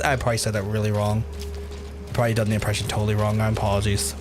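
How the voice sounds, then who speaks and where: A man's voice: lowish voice, monotone, very fast. A man in a casual gaming livestream who rambles and swears often while he talks to chat. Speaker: gaming streamer. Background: game music.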